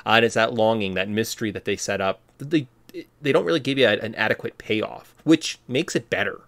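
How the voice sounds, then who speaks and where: A man co-hosting a podcast, talking about a movie in a casual, animated way, with emphatic bursts. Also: lowish voice, brisk, dry recording. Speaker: podcast co-host.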